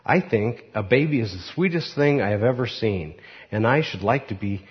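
A man voicing a gentle young tree in a storybook reading, in close to his own voice. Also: medium pitch, lively intonation, normal speed, natural voice. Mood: wistful. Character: young tree dreaming of being a cradle, gentle. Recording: muffled recording.

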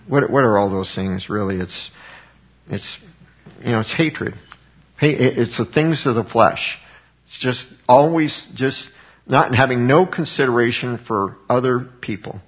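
A man teaching from the Bible in a conversational, earnest way, rising in pitch when he quotes scripture. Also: measured pace, breathy edge, highs cut off. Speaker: preacher.

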